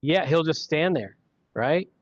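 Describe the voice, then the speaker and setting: A man's voice: on the high side, expressive, a little slow, no echo. A man hosting a podcast, telling casual stories in a rambling way with restarts. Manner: rambling storyteller with frequent restarts. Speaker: podcast host. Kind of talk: casual chat. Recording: dry, dull lo-fi sound.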